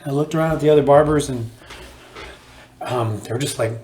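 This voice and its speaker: This stand-up comedian, speaking at a brisk clip in a medium-pitched voice, performs a set for a home-made video with no audience present. He animatedly tells stories and acts out the people in them, and there's a slight hiss or hum on the recording.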